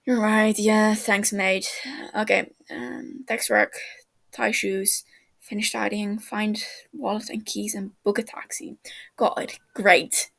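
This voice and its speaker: A woman voicing a flustered young man who stammers in a panic while rushing to get ready. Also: mid-range voice, level tone, gravelly, fairly bright tone, heavily acted.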